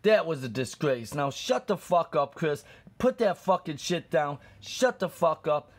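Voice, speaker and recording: A man putting on a deep angry voice, scolding and insulting with heavy swearing. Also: animated, unhurried.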